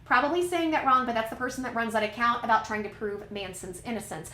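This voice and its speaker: A woman's voice: a little high, fast talker, pushed and bright, echoey room. A woman hosting casual commentary, chatting and reading documents aloud, sometimes stumbling over names and words. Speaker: commentary channel host.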